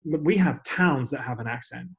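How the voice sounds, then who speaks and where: A man's voice: mid-range voice, moderate pace, gravelly, a bit bright, slightly rough. A man with an English accent, chatting as a podcast guest in a self-deprecating way with many fillers. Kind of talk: casual interview chat.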